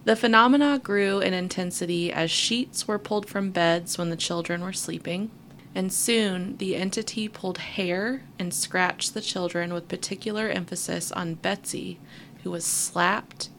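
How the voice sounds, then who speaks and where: A woman's voice: lowish voice, unhurried, slight background noise. A woman co-host reading a story aloud, breaking off now and then for wry asides. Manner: reads at an even pace with wry asides. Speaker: podcast co-host. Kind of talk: reading a story aloud between casual chat.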